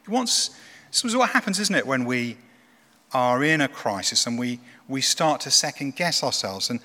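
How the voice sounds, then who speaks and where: A man preaching a sermon in a church, retelling a story in an animated, conversational way. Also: medium pitch, moderate pace, long reverb tail.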